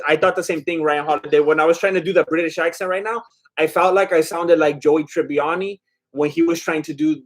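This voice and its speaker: A man with a slightly high-pitched voice hosts a casual live stream. He chats loosely with his viewers and reads their comments aloud. He laughs often and drifts a bit while eating. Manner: chatty and scattered, laughing often. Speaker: livestream host. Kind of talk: casual live watch-along chat reading viewer comments.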